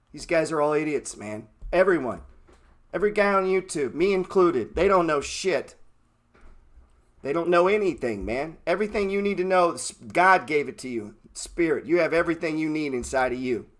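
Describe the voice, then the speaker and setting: A man hosting a trading channel, giving a blunt, profane motivational rant and mocking the people he talks about. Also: fairly high pitch. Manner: profane, brash and mocking, mimics excuse-makers. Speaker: stock trading channel host.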